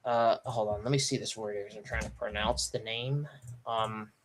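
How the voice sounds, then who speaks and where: Sleepy, halting man reacting live. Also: lowish voice, fairly even intonation. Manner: halting, stops often with ums and restarts while reading. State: sleepy, yawning. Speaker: live manga reaction streamer. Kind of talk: casual live read-through and reaction.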